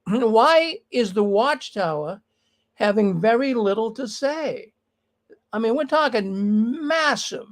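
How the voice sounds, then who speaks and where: A man's voice: high voice, low-quality recording. A man hosting a live online news show, talking straight to his viewers in a casual, emphatic way. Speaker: livestream news show host.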